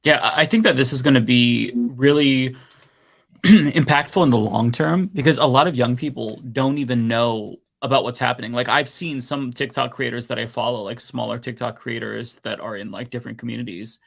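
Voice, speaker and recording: A young man co-hosting a political panel, speaking in earnest, measured commentary. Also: medium pitch, gravelly, fairly bright tone. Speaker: co-host on a political stream. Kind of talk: casual panel chat.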